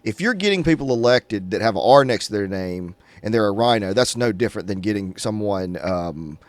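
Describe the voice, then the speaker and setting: A male interviewer speaking slowly and deliberately, drawing out key words in a political conversation. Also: lowish voice, expressive, dry recording.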